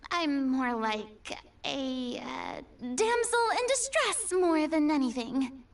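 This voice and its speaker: A woman's voice: high-pitched, sing-song, slow pace, recorded from a distance, exaggerated voice. A woman voicing a showy, boastful young woman who bluffs when she is nervous, in a fan game dub. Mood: smug. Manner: theatrical and flustered.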